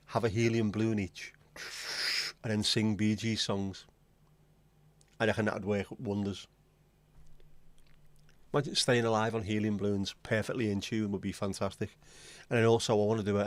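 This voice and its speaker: A man hosting a casual livestream, rambling to his viewers with crude jokes and self-mockery. His voice sits on the low side and sounds dry and close, with no room around it. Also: no room sound. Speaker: livestream host.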